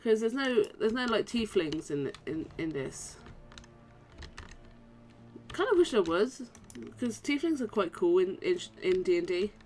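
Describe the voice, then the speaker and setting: A woman's voice: medium pitch, big pitch swings, measured pace, darkish tone, soft background music. Chatty young woman gamer commentating. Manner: chatty, rambling, many "like"s and restarts. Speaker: gamer playing a role-playing game. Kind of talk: casual let's-play commentary.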